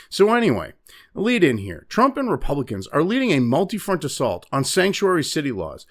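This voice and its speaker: Brief: foul-mouthed male host from New Hampshire, ranting, high and very animated voice. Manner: ranting, heavy swearing, many fillers. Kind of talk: profane political commentary.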